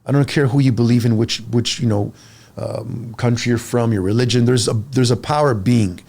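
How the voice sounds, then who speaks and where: A man in his forties, a fitness coach talking in a casual podcast chat, energetic and blunt, pushing listeners with emphatic advice. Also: medium pitch, moderate pace.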